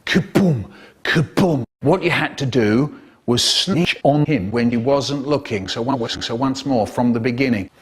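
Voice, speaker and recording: A man telling comic stories in a playful, animated way, breaking into sound effects and squeals. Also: medium pitch, unhurried, breathy edge. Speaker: storyteller. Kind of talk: comic storytelling, chopped into a remix.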